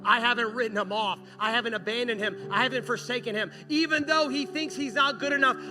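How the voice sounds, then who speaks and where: A man preaching a sermon, telling a story with animated, acted-out dialogue. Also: very high-pitched. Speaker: pastor. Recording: music playing behind.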